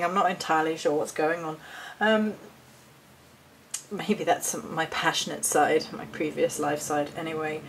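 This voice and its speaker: A woman vlogging about her handmade nature altars, speaking with passion in a lilting, expressive way. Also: on the low side, slight background noise. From United Kingdom. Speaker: hedge witch and altar maker. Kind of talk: spiritual vlog talk.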